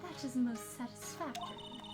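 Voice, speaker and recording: A woman voicing a stern, formal older aunt who speaks in a prim, measured way. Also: high-pitched, music in the background, natural voice.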